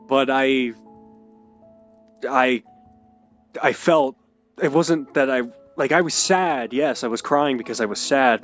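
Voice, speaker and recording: A young man telling an emotional personal story, halting and hesitant with many restarts. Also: mid-range voice, dull audio. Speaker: video creator.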